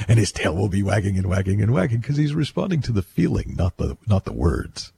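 A man's voice: fairly low pitch, big pitch swings, brisk, creaky, hardly any pauses, warm tone, slight background noise. A man giving a reflective, conversational monologue, talking his way through ideas with restarts and acted-out bits of self-talk. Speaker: speaker on mindset.

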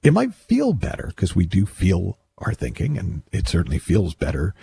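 Low, gravelly, husky man musing. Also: huge pitch swings, moderate pace, dark tone, slight background noise. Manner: conversational, repeats and restarts, acts out quoted self-talk. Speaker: speaker on mindset. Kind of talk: reflective monologue.

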